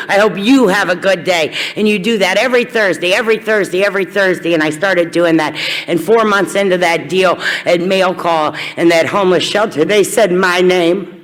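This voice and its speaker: A Kentucky woman shares her recovery story with an audience at a meeting, wry and candid, breaking into sudden energetic bursts. She has a lowish, slightly bright voice, and the recording carries a long hall reverb.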